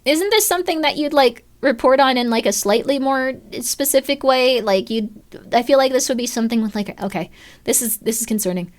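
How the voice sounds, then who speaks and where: A young woman streaming a horror game, talking in an animated, self-deprecating way with lots of fillers and rambling asides. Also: high-pitched, brisk. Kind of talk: live let's-play commentary.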